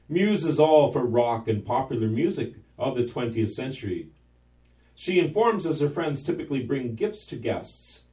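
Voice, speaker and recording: A man tells a drifting, fanciful story in a mellow, warm voice at an easy middle pitch. He wanders off into asides to his listeners. The sound is roomy and echoey, as if he sits a little way back from the mic. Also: very animated, normal speed. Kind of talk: scripted narration. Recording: roomy echo, distant mic.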